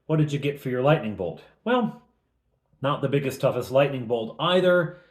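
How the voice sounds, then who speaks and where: A middle-aged man recapping a tabletop game as its game master, telling it in an animated way with chuckles. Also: mid-range voice, normal speed. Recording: roomy echo.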